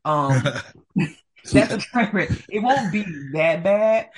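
A woman's voice: mid-range voice, animated, takes it slowly. A woman co-hosting a sports podcast in casual chat, talkative and laughing often. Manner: chatty, laughs often, hedging with "like". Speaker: podcast co-host.

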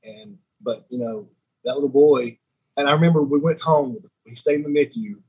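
A man, a podcast guest telling a personal story in a halting, repeating way, often dropping quiet. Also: breathy edge, poor audio. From Alabama. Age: 30s. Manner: halting, repeats words, voice drops low and quiet when moved. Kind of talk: emotional storytelling.

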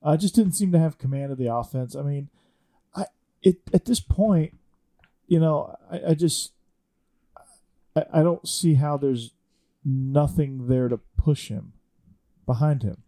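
A man co-hosting a casual sports podcast, talking in halting bursts with many fillers. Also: fairly high pitch, warm tone. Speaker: co-host, Georgia fan.

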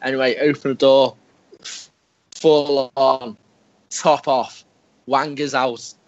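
A man co-hosting a podcast, telling a crude story in casual banter and breaking into shouted squeals as he acts it out. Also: flat delivery, slow, no room sound, highs cut off. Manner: crude storytelling, bursts into shouted high squeals when acting out scenes. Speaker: podcast co-host.

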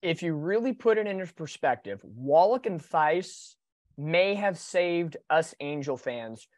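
A man hosting a sports podcast, talking in an animated, opinionated way in casual chat. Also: a little high, unhurried, no room sound, studio quality. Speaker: podcast host.

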